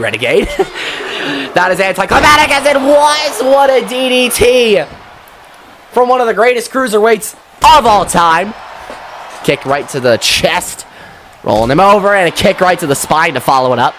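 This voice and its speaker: A man giving casual, excitable wrestling commentary, chatty and quick to swear. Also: high voice, slight background noise.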